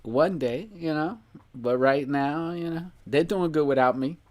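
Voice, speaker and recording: A man's voice: a little high, unhurried, darkish tone. Laid-back man hosting a casual podcast. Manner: laid-back, rambling, laughs often. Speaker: podcast host. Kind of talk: casual chat.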